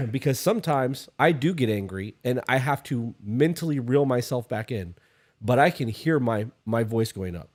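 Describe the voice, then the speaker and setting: A man's voice: mid-range voice, animated, normal speed. A man co-hosting a podcast, giving blunt, emphatic relationship advice and swearing freely. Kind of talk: casual advice chat.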